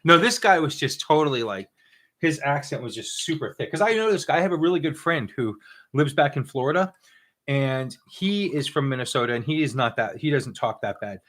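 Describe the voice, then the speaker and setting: A man's voice: medium pitch, lively intonation, a little fast, fairly bright tone. A man co-hosting a live question-and-answer stream, chatting loosely, laughing often and reading viewer comments aloud. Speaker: podcast co-host. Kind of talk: live Q and A chat.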